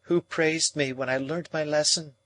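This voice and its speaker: A man voicing a proud young woman who speaks in a calm, measured, reproachful way in an audiobook. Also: fairly high pitch, dry recording, voice pushed up, lightly acted. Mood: cool.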